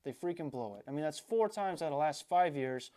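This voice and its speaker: A man's voice: fairly high pitch, expressive, brisk, mellow, slight background noise. Frustrated man ranting about sports. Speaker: sports fan commentator.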